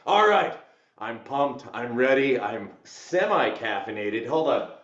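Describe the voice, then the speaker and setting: A man hosting a live workout class from a back house, hyped and shouting greetings like a hype man. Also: mid-range voice, unhurried. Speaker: fitness instructor. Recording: echoey room, dull lo-fi sound.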